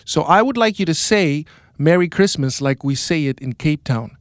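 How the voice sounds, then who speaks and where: A man's voice: a little high, animated, normal speed, dry recording, studio quality. A man from South Africa teaching a group a song, coaching them through call-and-response lines and chanting phrases to the beat. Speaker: music teacher.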